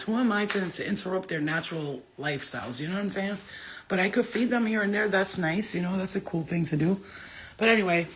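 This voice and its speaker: A woman chatting casually into her phone camera for a vlog, excitable and rambling, swearing freely as she goes. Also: mid-range voice, a little fast, a little hiss or hum. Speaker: vlogger.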